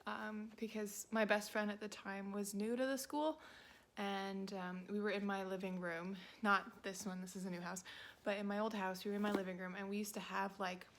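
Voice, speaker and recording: A woman in her twenties, a book vlogger rambling in casual chat, filling her talk with "like" and dropping into quiet asides. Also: mid-range voice, level tone, normal speed, a little hiss or hum. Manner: rambling, heavy use of "like", quiet muttered asides.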